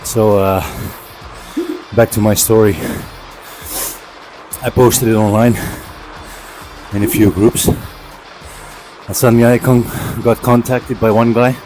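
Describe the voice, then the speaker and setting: A man's voice: fairly low pitch, level tone, slow, pauses often, a little mellow, faint music behind, poor audio. A man casually telling a rambling story while cycling on an indoor trainer, slightly out of breath. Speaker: vlogger. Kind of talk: casual storytelling during a workout. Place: indoor training setup at home.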